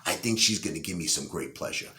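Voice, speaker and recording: A man voicing a lonely, easily shocked hotel guest who jumps to high shrieks of disgust. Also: fast talker, bright, forceful tone. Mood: scheming.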